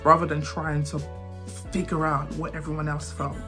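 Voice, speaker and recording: A young adult woman telling a personal story to camera. She talks fast, repeats herself and trips over words now and then. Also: sits low, level tone. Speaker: vlogger. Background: faint background music.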